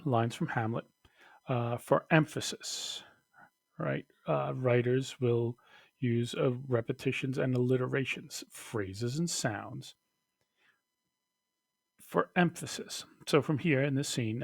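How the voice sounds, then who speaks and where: Slow, gravelly-voiced male teacher. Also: medium pitch, dry recording. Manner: slow, halting, with many fillers and restarts. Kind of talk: recorded lesson talk.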